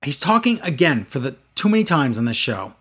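A man's voice: on the high side, big pitch swings, brisk, fairly bright tone, husky. A man in casual chat, reviewing a wrestling show with sarcastic, exasperated commentary.

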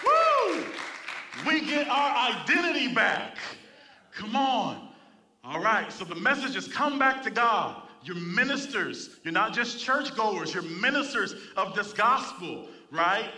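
Bright, high-voiced preaching man. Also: big pitch swings, unhurried, distant mic, a faint crowd. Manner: preaching with call-and-response to the congregation. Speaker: pastor. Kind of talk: sermon. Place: church.

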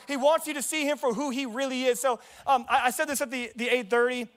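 A man's voice: extremely high pitch, steady tone, quick pace, fairly bright tone. A young man preaching a sermon in a casual, joking way, telling stories from his own life at a church service. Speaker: pastor. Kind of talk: sermon with personal storytelling.

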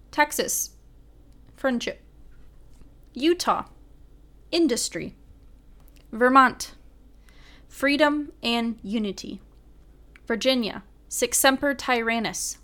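A woman's voice: a little high, sharp tone. A woman casually reading a list aloud, stumbling over foreign words and apologizing with a laugh. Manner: reads each item deliberately.

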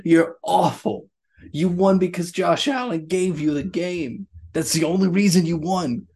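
A man's voice: sits high, measured pace, warm tone. Joking young man talking sports trash. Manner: loose, joking trash talk with slang. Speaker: podcast co-host. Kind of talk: casual sports podcast chat.

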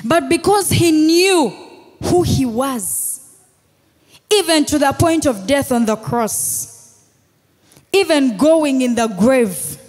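A woman pastor with a Ugandan English accent, preaching a sermon with shouted declarations and call-and-response to the congregation. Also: high voice, lively intonation, slow pace, long pauses. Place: church hall. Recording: long reverb in a large hall with music.

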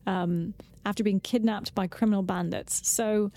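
A woman's voice: mid-range voice, fairly even intonation, moderate pace, mellow. A woman co-hosting a podcast in casual chat, giving informative recaps with brief fillers. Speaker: podcast co-host.

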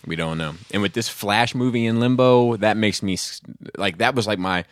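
A very low-pitched man chatting on a podcast in a relaxed, profane way. His voice is close and dry, with no room around it. He laughs easily between points. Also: normal speed, no room sound. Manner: laid-back, swears freely, laughs often. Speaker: podcast co-host. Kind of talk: casual chat.

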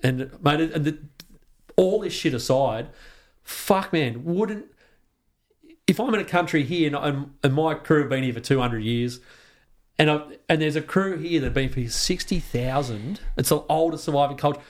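A man's voice: fairly high pitch, moderate pace. An Australian man talking as a podcast guest in casual conversation, passionate and sweary, often restarting his sentences.

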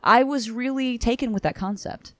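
Animated woman retelling a comic. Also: on the high side, normal speed, no room sound. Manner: animated, swears freely, acts out characters' lines. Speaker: podcast host reviewing a comic. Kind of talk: casual chat, retelling a comic with quoted lines.

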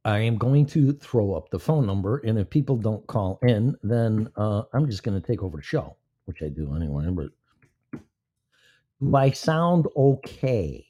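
A man's voice: fairly low pitch, expressive, normal speed, few pauses, mellow. A man hosting a live-stream show in casual, rambling, profane talk, with his mic off to the side of his mouth. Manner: rambling and profane, killing time. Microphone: mic placed to the side of his mouth.

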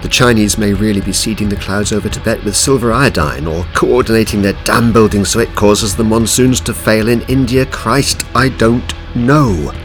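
Brief: a man voicing a desperate captive scientist, deep and strained, audiobook. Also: moderate pace, hardly any pauses, faint music behind, close to an everyday voice. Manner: strained, pleading, raised voice. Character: desperate tortured male scientist. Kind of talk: audiobook reading.

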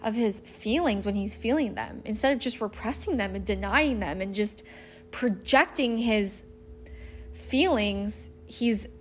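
A woman's voice: medium pitch, slight background noise. A woman in her thirties talking casually and earnestly about her relationship, acting out lines she quotes. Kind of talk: casual personal storytelling.

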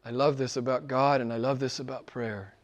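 A middle-aged man, a pastor preaching a sermon, swinging from loud emphatic lines to soft low asides. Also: little pitch movement, fairly quick, lo-fi sound.

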